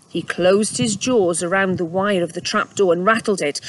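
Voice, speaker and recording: Expressive woman reading a children's story. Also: medium pitch, normal speed, hardly any pauses, a little hiss or hum, poor audio. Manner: warm, expressive storybook narration with asides. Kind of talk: reading a children's book aloud. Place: home.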